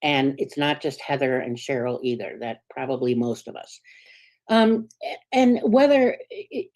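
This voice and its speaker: A woman's voice: expressive, measured pace. Earnest conversational woman minister preaching. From United States. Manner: conversational, earnest, asks the congregation "right?"; swings between soft low asides and sudden bright emphatic peaks. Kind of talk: sermon.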